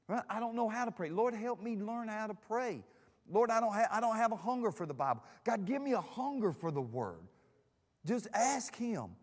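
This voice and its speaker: Animated preacher in a church hall. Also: male voice, sits high, normal speed. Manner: animated storytelling, acts out characters. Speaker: pastor. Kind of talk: Bible study teaching. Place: church sanctuary. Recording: long church hall reverb.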